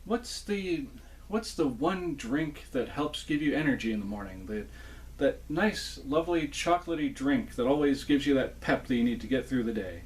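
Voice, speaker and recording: A man's voice: mid-range voice, normal speed, husky. Folksy man explaining a puppet repair. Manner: relaxed, folksy step-by-step explaining. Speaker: toy repair host and ventriloquist. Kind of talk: hands-on repair tutorial.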